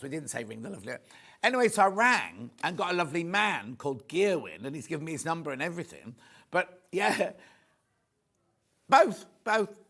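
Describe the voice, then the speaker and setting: Gushing, lively man in a TV studio. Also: on the high side, normal speed, vocal fry. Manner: chatty, rambling, gushing asides. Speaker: shopping channel presenter. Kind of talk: live sales demo chat.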